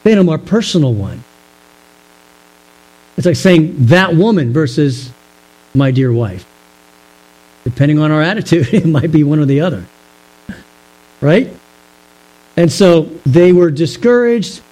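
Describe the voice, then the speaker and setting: High-voiced man preaching a Bible study. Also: animated, mellow, low-quality recording. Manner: measured, explanatory, with rhetorical questions. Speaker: pastor. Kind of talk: Bible teaching sermon.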